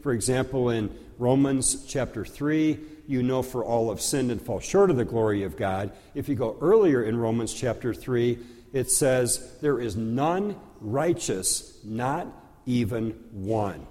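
A pastor explaining a church liturgy in a slow, conversational teaching style, with occasional fillers. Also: male voice, mid-range voice, warm tone. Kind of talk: teaching sermon. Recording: long hall reverb.

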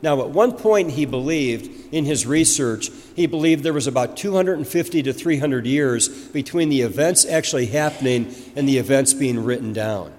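A man's voice: mid-range voice, lively intonation, normal speed, few pauses, a little mellow. A man preaching a sermon as pastor, explaining in a conversational way with fillers and restarts. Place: church. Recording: long reverb of a church hall.

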